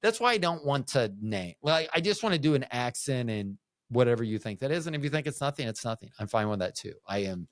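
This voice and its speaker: A man's voice: mid-range voice, animated, fast talker, dry recording, studio quality. A man hosting a solo podcast, rambling through jokey asides with frequent restarts. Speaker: podcast host.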